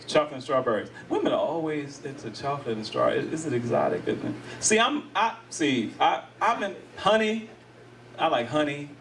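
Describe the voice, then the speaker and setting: This middle-aged American comedian does crowd work at a live venue, staying animated, laughing frequently, and acting out other people's voices. His voice is a little high and fairly quick, captured from a distance.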